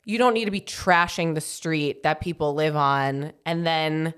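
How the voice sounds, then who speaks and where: A woman's voice: deep voice, fairly even intonation, a little slow, fairly bright tone, clear, resonant tone. A pregnant woman in her thirties co-hosting a podcast, chatting casually with lots of fillers and frequent laughs. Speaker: podcast co-host. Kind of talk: casual chat.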